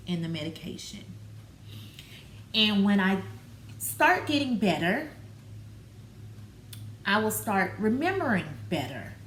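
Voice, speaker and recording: A woman speaks in a candid personal vlog, halting and open, leaning on fillers. Her voice sits at a middle pitch. The room is echoey, with a faint background hiss. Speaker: vlogger. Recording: roomy with faint background noise.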